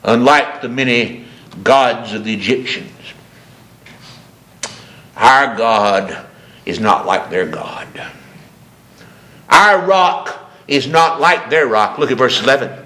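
A man preaching a sermon with passion, repeating phrases for emphasis and climbing from low murmurs to high, ringing cries. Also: animated, slow, pauses often, pushed and bright.

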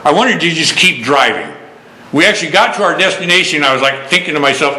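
A man preaching a sermon, telling a story and rising into excited preaching. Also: a little high, quick pace, roomy sound, noisy background.

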